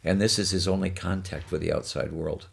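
An older man from Detroit telling lively, punchline-driven stories as a guest in a conversation. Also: deep voice, brisk, creaky. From Detroit, USA. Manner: animated, punchline-driven storytelling. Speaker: guest storyteller. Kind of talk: anecdotal storytelling in conversation.

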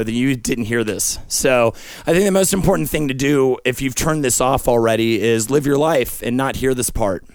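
A young man delivering a rambling, profane comedic monologue with sudden yelled outbursts, recorded close on a studio mic. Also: medium pitch, gravelly, dry recording. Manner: absurd, profane stream of consciousness with sudden yelling. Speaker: podcast host.

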